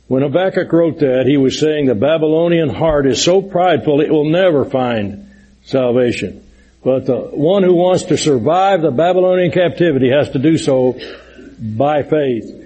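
A middle-aged male preacher with a husky, slightly raised voice leads a Bible study. He explains scripture earnestly, dwelling on key words with firm emphasis. His tone is dark and mellow rather than bright. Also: on the high side, moderate pace, rough recording. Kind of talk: sermon-style Bible lesson.

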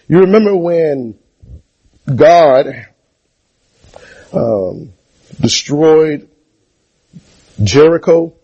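Husky, mellow-voiced man preaching. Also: a little high. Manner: call-and-response, rhetorical questions to the congregation. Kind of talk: sermon.

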